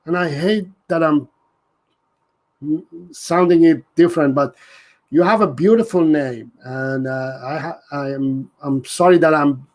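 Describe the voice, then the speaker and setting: Fairly high in pitch, a little slow, and a little mellow, this man's voice leads a live dog-training Q&A. Earnest in tone, he repeats himself, restarts sentences frequently, and reads viewer comments aloud on the casual stream.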